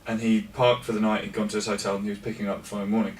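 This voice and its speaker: A man's voice: lowish voice, level tone, very fast. Laughing, chatty man in a roomy space. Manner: chatty, laughs often, self-deprecating. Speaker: musician guest. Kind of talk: casual interview chat. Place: backstage room at a concert venue. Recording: roomy, distant mic with faint noise.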